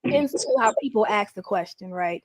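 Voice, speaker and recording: A woman's voice: mid-range voice, a little fast, a crowd in the background. A young adult woman telling candid stories in an interview, laughing often and acting out what people said. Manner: animated, laughs often, acts out quotes. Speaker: guest.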